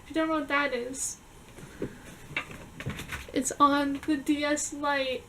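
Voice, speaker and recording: A young woman vlogger chattily recounting her dreams from a journal, with quick asides to the viewer. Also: high voice, flat delivery, distant mic, slight background noise, poor audio. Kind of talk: reading a dream journal to camera.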